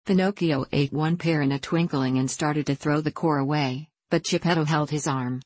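A woman narrating a children's storybook in a steady, measured reading voice. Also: low-pitched, dry recording. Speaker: audiobook narrator.

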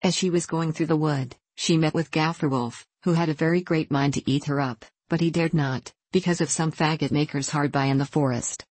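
Measured storybook narrator, dry sound. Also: mid-range voice, fairly even intonation, darkish tone, dry recording. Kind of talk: storybook reading.

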